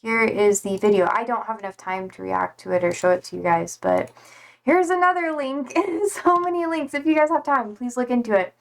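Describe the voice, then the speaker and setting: Young woman, livestreamer, casual chat, rambling with fillers, tired and slightly hoarse. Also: a little high, brisk. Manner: rambling, hesitant, many fillers and swear words. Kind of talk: casual chat reading out viewer comments.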